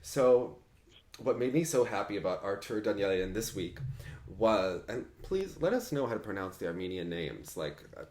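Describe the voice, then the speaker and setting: A man co-hosting a casual podcast chat, gushing and animated as he talks. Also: on the low side, moderate pace, roomy sound. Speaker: co-host.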